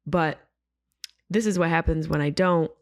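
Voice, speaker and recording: A woman opens her podcast in a worn, hoarse voice that sits somewhat low. She talks in a loose, rambling, self-deprecating way. The sound is dry and close. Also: normal speed, dry recording. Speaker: podcast host. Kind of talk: casual podcast intro.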